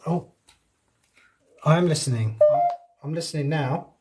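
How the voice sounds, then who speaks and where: A man's voice: on the high side, measured pace, very noisy. Guy live ghost hunting in some house, chatting to viewers and spirits, laughs a lot. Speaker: paranormal investigator streaming live. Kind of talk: live ghost-hunt stream chat. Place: indoors in a house.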